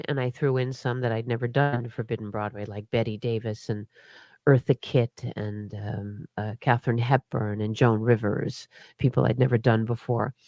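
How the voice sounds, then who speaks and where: A middle-aged woman with a bass voice is interviewed casually as a guest performer, recorded dry at studio quality. She talks a lot and laughs, frequently restarting and hiccuping over her words.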